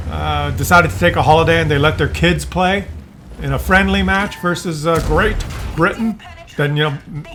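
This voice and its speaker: Man, game commentator, casual, digressive, joking, higher voice, faint ambient noise behind. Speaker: gaming commentator.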